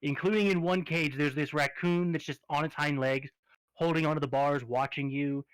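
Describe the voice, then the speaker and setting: A man narrating a tabletop game as game master, describing scenes in an unhurried way. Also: fairly high pitch, fairly even intonation, smooth, no echo, poor audio.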